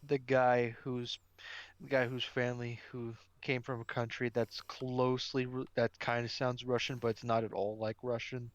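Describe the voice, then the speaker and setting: A man co-streaming a video game, joking around in a relaxed, casual way. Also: mid-range voice, normal speed, dry recording, lo-fi sound. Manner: laid-back, joking, swearing. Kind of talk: casual gaming chat.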